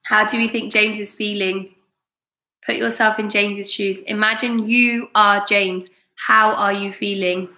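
A woman's voice: medium pitch, level tone, a little slow, sharp tone. A woman teacher reading a chapter book aloud to her students and encouraging them with praise. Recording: roomy echo.

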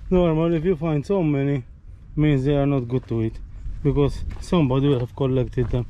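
A man's voice: medium pitch, fairly even intonation, a little fast, dull audio, a little hiss or hum. A man with a Maltese accent, talking casually as he films his hike outdoors, often tagging his phrases with "eh?" and getting tired and short of breath. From Malta. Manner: chatty, ends phrases with "eh?". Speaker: hiker vlogger. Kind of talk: casual walking vlog commentary. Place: outdoors on a hiking trail.

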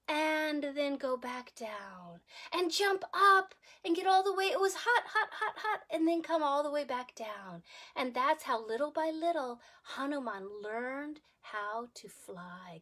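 A woman preschool teacher telling a story to young children, animated and sing-song, asking them questions as she goes. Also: high-pitched. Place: home.

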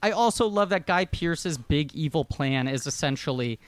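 Wry guest actor, slightly high voice, dry, close-up sound, quick riffing. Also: male voice, animated, no room sound. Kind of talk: casual comedic movie discussion.

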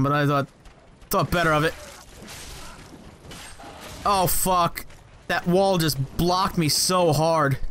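Gameplay commentator, male, high-pitched, profane and jokey, talks straight at game enemies. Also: a bit bright, slight background noise. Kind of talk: let's play commentary.

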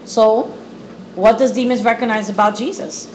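Woman, higher voice, reads scripture and explains, phone mic, faint hiss. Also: steady tone, moderate pace, a little mellow, dull audio. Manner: repetitive emphasis. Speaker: Bible study leader. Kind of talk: reading scripture aloud and commenting.

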